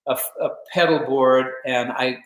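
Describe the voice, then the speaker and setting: An older man hosting a home live stream, telling stories and answering viewer questions in a relaxed, rambling way full of fillers. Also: mid-range voice, unhurried, echoey room, rough recording. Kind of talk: casual storytelling and viewer Q&A.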